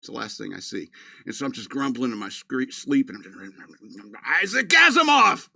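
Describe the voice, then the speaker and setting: A man's voice: lowish voice, quick pace, gravelly, dry recording, clean studio sound. A man hosting a radio show in a casual, meandering monologue full of fillers.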